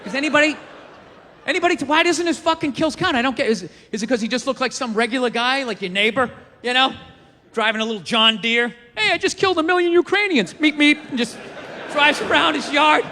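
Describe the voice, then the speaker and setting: High-voiced man doing profane stand-up. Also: fairly quick, long reverb tail. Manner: profane, rambling, animated rants with acted-out quotes. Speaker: stand-up comedian. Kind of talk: stand-up comedy routine.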